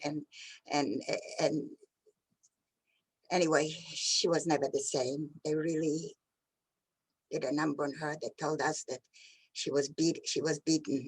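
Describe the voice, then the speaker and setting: Older woman telling her own story, bit low-pitched, halting, keeps repeating and restarting words. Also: husky, poor audio. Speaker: Holocaust survivor. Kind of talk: personal testimony. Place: virtual event.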